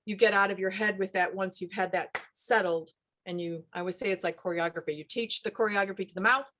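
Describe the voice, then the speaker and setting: A woman's voice: mid-range voice, fairly even intonation, quick pace, fairly bright tone, slight background noise. A middle-aged woman, an accent coach, chatting in an interview and explaining with acted-out quotes, recorded over a video call. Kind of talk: casual interview chat.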